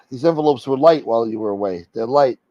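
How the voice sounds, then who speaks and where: A man's voice: mid-range voice, normal speed, a little mellow, no echo, lo-fi sound. A man hosting a casual livestream, joking brashly with viewers and swearing freely. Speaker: livestream host.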